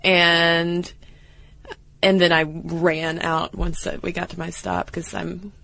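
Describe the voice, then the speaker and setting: A woman's voice: on the low side, flat delivery, slow pace, vocal fry, a bit bright. A woman co-hosting a podcast, chatting casually and telling stories with small hesitations. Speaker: podcast co-host. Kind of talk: casual chat.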